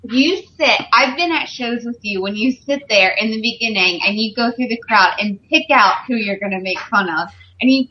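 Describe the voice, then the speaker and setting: A woman's voice: a little high, normal speed, few pauses, dull audio, a little hiss or hum. A woman interjecting in a casual podcast chat, teasing the host from farther off the mic.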